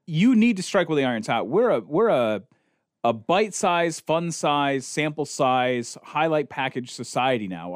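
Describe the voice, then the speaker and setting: A man co-hosting a podcast, ranting in animated casual chat. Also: a little high, dry recording, studio quality. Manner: animated, ranting, mocks others in quoted voices. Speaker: podcast co-host.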